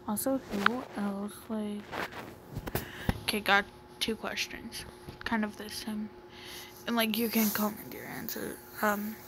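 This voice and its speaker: Brief: a slow-talking, rambling woman vlogger who slips into half-whispers, on noisy home audio. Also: mid-range voice, creaky. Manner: rambling, filler-heavy, often half-whispered. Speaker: YouTuber. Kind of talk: casual comic-reading vlog.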